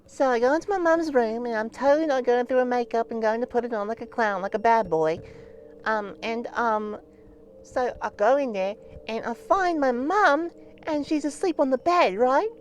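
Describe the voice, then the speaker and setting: A man's voice: very high voice, moderate pace, slight background noise. A man doing a rambling little boy puppy. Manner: rambling, forgetful storytelling. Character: rambling young boy puppy, easily sidetracked.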